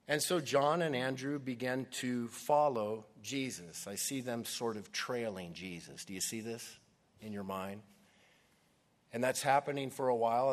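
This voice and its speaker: Slow earnest male preacher. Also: medium pitch. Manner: earnest, conversational preaching with dramatic retellings. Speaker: pastor. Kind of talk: sermon.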